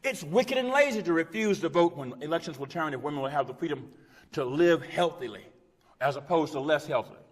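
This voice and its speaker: Man, pastor, sermon, impassioned, repetitive rhetorical cadence, loud peaks and hushed drops, long church reverb. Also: fairly high pitch, expressive, fast talker. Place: church sanctuary.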